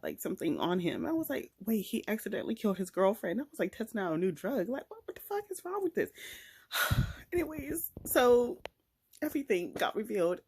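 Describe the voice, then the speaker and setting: A young woman vlogging, chatting excitedly and emotionally about a book she just read, talking straight to her viewers. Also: mid-range voice, breathy edge, low-quality recording. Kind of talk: casual chat.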